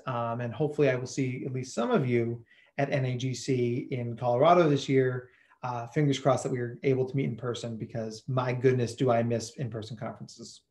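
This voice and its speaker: Chatty, energetic man presenting a webinar. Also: mid-range voice. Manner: energetic, chatty, repeats words as he goes. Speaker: presenter, psychologist.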